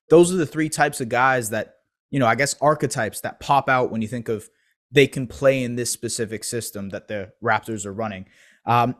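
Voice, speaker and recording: Casual man breaking down a basketball game. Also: mid-range voice. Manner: fast-talking, analytical, loose and casual. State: eating pizza while talking. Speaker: basketball podcast host. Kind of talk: solo game recap commentary.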